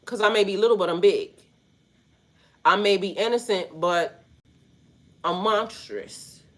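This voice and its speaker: A woman's voice: medium pitch, unhurried, a bit bright. Rambling, slangy spiritual coach woman. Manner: rambling, slangy, swears freely. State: stuffy, snotty nose. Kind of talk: casual spiritual talk to viewers.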